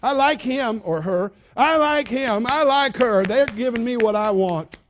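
A preacher mocking a gushing, eager voter. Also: male voice, extremely high pitch, measured pace, a little hiss or hum, voice pushed up. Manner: gushing, sing-song mockery. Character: giddy voter pleased by promises, unisex adult.

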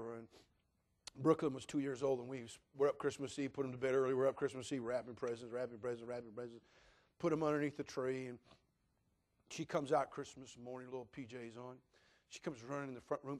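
An older man preaching a sermon in a church in an animated, joking, conversational way. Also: medium pitch. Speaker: pastor.

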